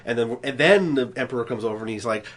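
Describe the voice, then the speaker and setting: A man's voice: medium pitch, fast. A man co-hosting a podcast in casual chat, rambling through stories and acting out the scenes he describes. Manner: animated storyteller acting out scenes; rambling with restarts. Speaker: podcast co-host.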